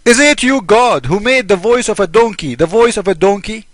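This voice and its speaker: A man's voice: sits high, lively intonation, normal speed, no echo. A man delivering a polemical monologue as a religious critic, mocking and argumentative, firing off rhetorical questions.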